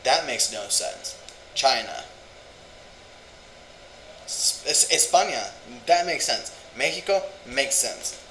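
A man's voice: mid-range voice, expressive, slow pace, pauses often, sharp tone. Young-sounding guy for a casual vlog, rambles and sounds words out aloud, echoey room with light hum. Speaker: vlogger. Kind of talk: casual language-learning vlog.

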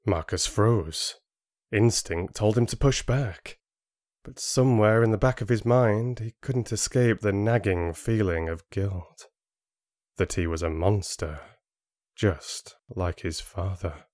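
A man reading an audiobook in a steady storytelling manner into a close studio mic. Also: fairly low pitch, a little slow, no room sound. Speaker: audiobook narrator. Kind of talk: scripted audiobook narration.

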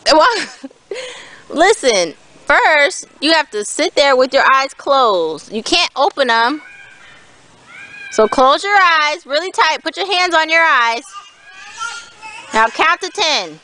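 A woman's voice: sits high, takes it slowly, pauses often, slight background noise, rough recording. A young woman and mother, filming a casual family vlog outdoors and coaxing her small children in a playful way. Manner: animated, playful, coaxing talk to small kids. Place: outdoors in a grassy backyard.

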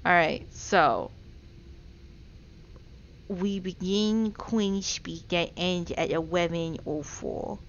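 A woman live-streaming a game, chatting playfully with her chat and breaking into loud, excited outbursts. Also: fairly low pitch, drawn-out words, long pauses, dull audio, a little hiss or hum.

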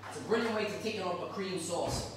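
A man's voice: sits high, fast talker, very echoey, far from the mic, background noise. A man hosting a casual cooking demonstration, chatty and jokey as he cooks and talks to his helpers in a home kitchen. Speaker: cooking show host.

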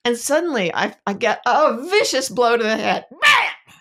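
A woman's voice: a little high, very animated, normal speed, bright, forceful tone. A woman co-hosting a podcast, telling a funny story with dramatic sound effects in casual chat. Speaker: podcast co-host.

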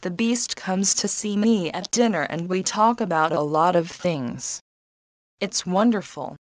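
A woman voicing a kind, gentle young woman in a slow, plain storybook reading. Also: fairly low pitch, no echo, lightly acted. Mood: content.

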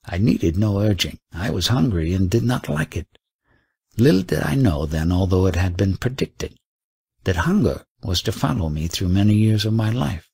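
A man narrates a first-person story in a measured audiobook read. His voice sits low with a gravelly, husky grain. The delivery rises and falls expressively, and the sound is close and dry. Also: sing-song, a little mellow, dry recording.

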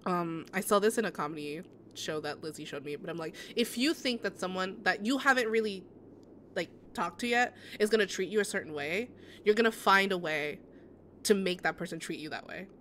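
A woman's voice: fairly low pitch, fairly quick, fairly bright tone, a little hiss or hum. A woman game streamer in casual live-stream chat, answering her viewers with sympathy and rambling through many restarts.

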